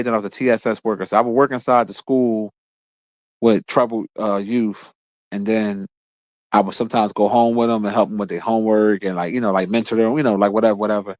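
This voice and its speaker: A man in his thirties with a Philadelphia accent, telling a story casually, cursing often and breaking into laughter. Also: no echo. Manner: profane, laughing storyteller, lively bursts of pitch. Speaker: podcast host.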